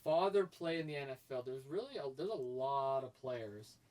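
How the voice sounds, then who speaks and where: A man co-hosting a casual sports podcast, talking in an excitable, animated way. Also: mid-range voice, moderate pace, far from the mic. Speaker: co-host.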